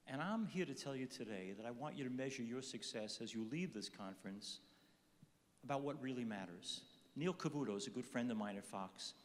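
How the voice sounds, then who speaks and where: An older man giving an earnest inspirational talk at a conference, telling stories with touches of humor. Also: medium pitch. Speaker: conference speaker. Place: large conference hall. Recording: reverberant hall.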